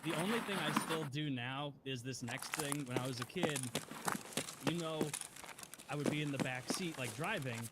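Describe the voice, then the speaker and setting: A man's voice: fairly high pitch, normal speed. A man in casual chat on a stream, speaking candidly and thoughtfully about his own childhood. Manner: candid, thoughtful personal recollection. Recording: loud background noise.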